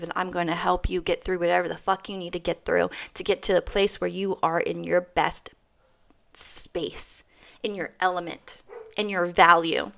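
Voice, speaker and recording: A woman in her thirties delivers a motivational monologue in a bright, forward voice. She is blunt and swears freely, driving each point home by repeating it. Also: lowish voice, creaky. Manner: blunt, heavy swearing, emphatic repetition. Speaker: host.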